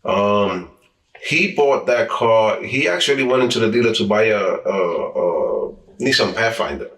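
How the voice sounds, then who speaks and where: This New York-area man, a former street racer being interviewed, has a lowish, animated, fairly bright voice and talks a little slowly. He tells casual stories, acts out quoted dialogue and often restarts his words. The mic sits back from him, giving a roomy sound.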